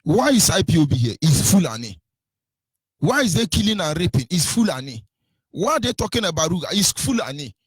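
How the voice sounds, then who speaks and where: Husky fiery male commentator. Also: a little high, big pitch swings, brisk, no room sound. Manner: fiery, repeats rhetorical questions. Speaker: radio commentator. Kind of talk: impassioned political commentary.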